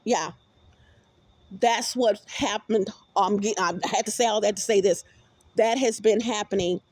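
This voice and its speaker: A woman's voice: mid-range voice, measured pace, a little mellow, dry recording. A woman vlogger in a rambling, profane monologue with many restarts, recorded on a phone.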